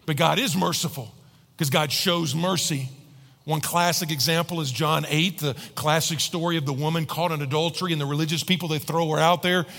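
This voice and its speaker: A man preaching a sermon to a large congregation, animated, often acting out voices and joking with the crowd. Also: a little high, brisk, vocal fry. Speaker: pastor. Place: large church hall with about fifteen hundred people. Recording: long hall reverb.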